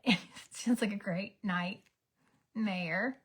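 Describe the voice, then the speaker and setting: A woman, telling a story as a casual get-ready-with-me vlog, dramatic and animated, sometimes dropping to a whisper. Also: mid-range voice, slow pace, husky. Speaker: beauty vlogger.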